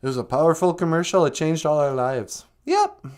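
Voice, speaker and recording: A man's voice: on the high side, huge pitch swings, brisk, darkish tone. A man co-hosting a podcast in casual chat, joking and slipping into put-on voices. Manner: jokey, breaks into put-on voices. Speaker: podcast co-host.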